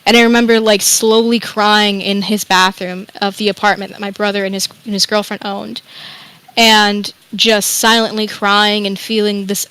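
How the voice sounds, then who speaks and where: A woman's voice: medium pitch, little pitch movement, normal speed, a bit bright, clean tone, rough recording. A young woman guest telling a candid, rambling personal story, sometimes swearing. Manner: rambling, emotional, swears freely. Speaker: interview guest.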